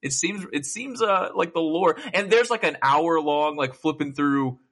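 A young man co-hosting a gaming podcast, retelling game scenes in an animated rush. His voice is bright and sits a little high. He swears freely and breaks into laughter. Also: a little slow. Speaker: podcast co-host. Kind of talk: casual gaming chat.

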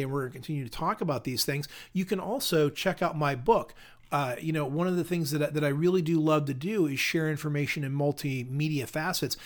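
Man, middle-aged, podcast host, slightly high voice, upbeat coaching tone, asks lots of questions. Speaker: podcast host and customer service trainer. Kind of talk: solo podcast monologue.

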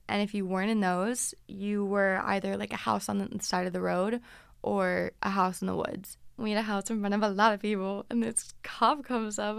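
A woman's voice: medium pitch, vocal fry, no room sound, studio quality. A woman in her twenties casually telling stories from her teens as a podcast host, chatty and dramatic. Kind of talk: casual storytelling.

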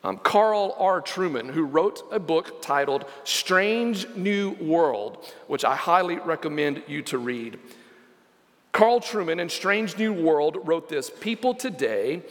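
A man's voice: a little high, expressive, slow pace, fairly bright tone, big-room sound. A man preaching a sermon as pastor, emphatic and repeating key phrases, reading scripture aloud.

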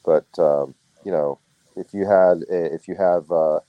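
A man's voice: sits low, fairly even intonation, a little slow, no room sound, dull audio. A man, hosting a casual conversation and telling rambling stories. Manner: rambling storyteller. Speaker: podcast host.

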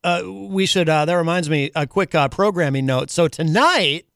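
New radio host guy, lots of uhs, smooth voice, dry studio mic. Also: on the high side, animated, fairly bright tone, no room sound. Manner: halting, many fillers. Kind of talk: casual radio chat. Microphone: studio microphone.

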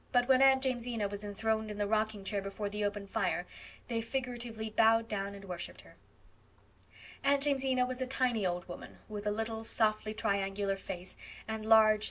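A woman reads a classic novel aloud as an audiobook narrator. Her storytelling is expressive, and her voice sits in a middle register. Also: mid-range voice. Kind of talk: scripted narration.

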